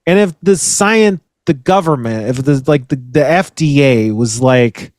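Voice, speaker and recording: A man's voice: fairly high pitch, expressive, normal speed, darkish tone, no echo, studio quality. A man co-hosting a podcast in casual chat, rambling and swearing, often restarting his sentences. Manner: rambling, swearing, self-interrupting. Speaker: podcast co-host.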